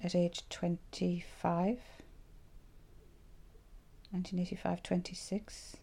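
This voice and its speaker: Slow and reflective, a woman from Ireland in her sixties recounts her past to an interviewer in a low, warm, mellow voice touched with gravel. She brings her stories to life by acting out the thoughts she had back then.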